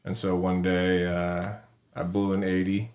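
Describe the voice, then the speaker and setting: A man's voice: low voice, monotone, unhurried, a little mellow. A middle-aged man, a podcast guest and retired fighter, telling his story casually in a laid-back way with free swearing.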